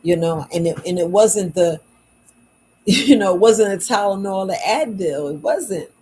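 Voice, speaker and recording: A tired, worn-out woman chatting late at night in a low voice. She talks casually to her viewers as a shop owner, repeating words for emphasis in folksy phrasing. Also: animated, a little slow, mellow, slight background noise, poor audio. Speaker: herbal shop owner selling wellness patches. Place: at home at night.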